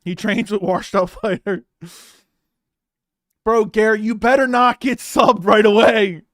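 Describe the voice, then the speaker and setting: Excitable young man reacting to a fight. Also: high voice, unhurried, no echo, clean studio sound. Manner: animated, swearing, repeats himself, bursts into loud outbursts. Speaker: host reacting to a live fight. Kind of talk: excited live watch-along chat.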